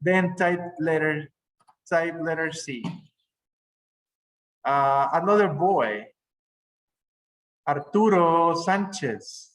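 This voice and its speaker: Teaching an online lesson, the male English teacher speaks with a slightly high, somewhat bright voice. He patiently walks through vocabulary at a slow pace, giving examples and fixing his own slips, on a low-quality recording.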